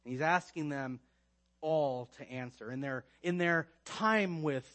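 A man preaching a sermon, emphatic, rising to loud stresses and dropping to quiet asides. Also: a little high, measured pace. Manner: emphatic preaching with swings between loud and quiet, frequent restarts. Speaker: pastor.

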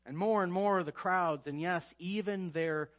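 A man's voice: sits high, measured pace. Man preaching with emphatic swings. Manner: emphatic preaching with swings between loud and quiet, frequent restarts. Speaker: pastor. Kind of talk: sermon.

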